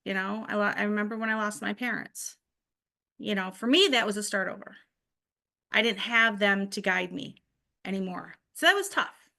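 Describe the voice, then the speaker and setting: A woman's voice: medium pitch, fairly even intonation, normal speed, creaky, sharp tone. A middle-aged woman co-hosting a casual podcast chat, telling personal stories and laughing easily. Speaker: podcast co-host.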